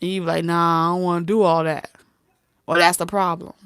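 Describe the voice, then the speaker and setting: A woman's voice: fairly low pitch, level tone, brisk, smooth, dry recording, studio quality. A woman tarot reader talking casually, blunt and streetwise, who laughs often and acts out both sides of a conversation. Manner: laughs often and slips into soft whispers. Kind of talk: casual talk to camera.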